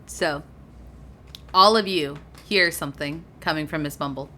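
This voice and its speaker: A woman game master narrating a tabletop game in a brisk, matter-of-fact way. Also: low voice, pushed and bright, slight background noise.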